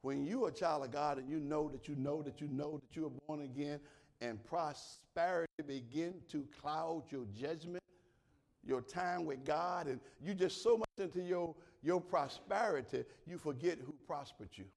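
A man preaching a sermon, swinging from shouted exclamations to quiet prayer and repeating words as he calls out to his congregation. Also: fairly high pitch, normal speed, gravelly. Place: church.

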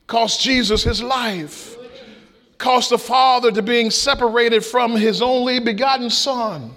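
A middle-aged man preaching a sermon, with shouted peaks and folksy stories. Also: very high voice, slow. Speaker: pastor.

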